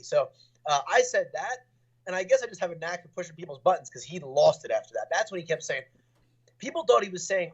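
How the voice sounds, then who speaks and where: A man's voice: high voice, animated, fast, slightly rough, lo-fi sound. A young adult man, a fighter, talking casually in an interview, rambling with lots of fillers and restarts.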